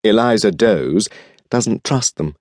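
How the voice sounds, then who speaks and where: A male audiobook narrator voicing a composed middle-aged antiques dealer who speaks in a dry, measured, understated way. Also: lowish voice, animated, darkish tone, no echo. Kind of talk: audiobook character reading.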